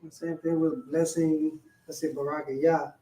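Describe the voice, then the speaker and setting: A man's voice: fairly high pitch, little pitch movement, normal speed, dark tone. A man in a class, hesitantly asking questions and checking his understanding. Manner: asks questions, hesitant, affirms often. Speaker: student. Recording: roomy, distant mic.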